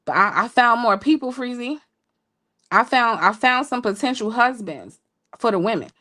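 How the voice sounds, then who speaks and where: Woman telling a funny story on a podcast, playful, voice shoots way up when she quotes folks. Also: moderate pace. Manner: animated, jumps high when quoting people; laughing, playful asides to listeners. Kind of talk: casual storytelling chat.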